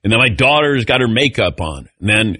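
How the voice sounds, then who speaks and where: Lively, bright-voiced middle-aged talk host. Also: male voice, lowish voice, fairly quick, dry recording, clean studio sound. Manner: animated storyteller, calls on panelists. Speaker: radio show host. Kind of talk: sports talk radio banter.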